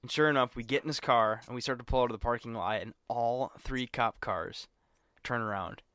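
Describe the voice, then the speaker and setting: Animated young man telling a story. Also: medium pitch, a little fast, no echo, clean studio sound. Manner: animated, acts out quotes, swears freely. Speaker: podcast co-host. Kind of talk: casual storytelling chat.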